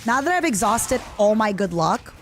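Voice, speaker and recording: A young woman with an Eastern European accent streams a game live, reacting excitably and chatting with viewers. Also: fairly high pitch, normal speed, soft background music. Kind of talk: live gaming stream chat.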